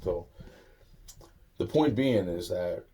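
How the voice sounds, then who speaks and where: Man, low and husky, mellow tone; loose profane storyteller who keeps restarting sentences. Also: expressive, takes it slowly. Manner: rambling, profane, many restarts. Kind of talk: casual spoken anecdote.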